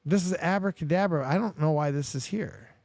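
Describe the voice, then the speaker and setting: Hosting a live show, this high-voiced young man tells a story at a brisk clip, animated and profane, getting more and more worked up as he goes. The sound is close and dry, without any room echo.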